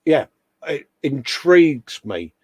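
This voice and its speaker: A man's voice: on the high side, very animated, slow pace, no room sound. Chatty English man, close and dry. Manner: chatty and jokey, calls everyone mate. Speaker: co-host. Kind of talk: casual chat on a live stream.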